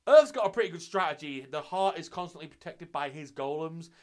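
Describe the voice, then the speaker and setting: A man's voice: a little high, expressive, a little fast. A young man talking through an anime review in an offhand, sweary way, often restarting his sentences. His voice sits a little above the usual male range. The delivery stays casual and unscripted throughout. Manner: loose and sweary, with frequent restarts. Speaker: anime reviewer and channel host.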